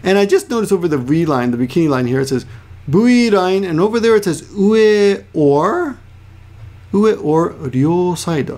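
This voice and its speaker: A man's voice: high-pitched, animated, moderate pace, a little mellow. A man teaching a casual Japanese lesson, explaining word by word, repeating terms and correcting himself as he goes. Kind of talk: casual screen-share lesson.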